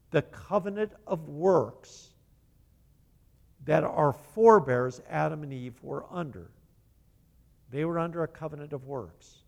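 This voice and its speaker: A man preaching a sermon as pastor, emphatic and deliberate, repeating key phrases to drive them home. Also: on the high side, creaky, big-room sound.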